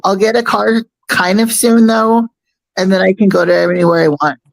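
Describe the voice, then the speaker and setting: A teenage girl chatting on a livestream call in a calm, frank, reassuring way. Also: mid-range voice, moderate pace, vocal fry, rough recording. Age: teens. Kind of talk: casual group chat on a livestream.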